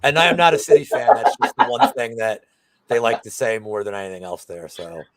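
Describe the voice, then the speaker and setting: A man's voice: fairly low pitch, a little fast, a crowd in the background. A man co-hosting a betting show in casual chat, rambling with lots of fillers and restarts.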